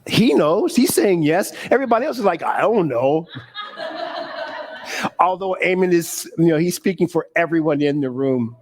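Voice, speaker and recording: A middle-aged man giving an animated sermon to a congregation, laughing often and leaning on preacherly emphasis. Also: high-pitched, moderate pace. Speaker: spiritual speaker.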